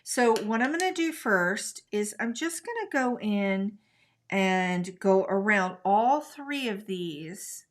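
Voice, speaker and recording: Chatty woman teaching a craft live. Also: medium pitch. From United States. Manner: chatty, talks to viewers while coloring. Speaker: craft tutorial host. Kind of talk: live-stream craft demonstration.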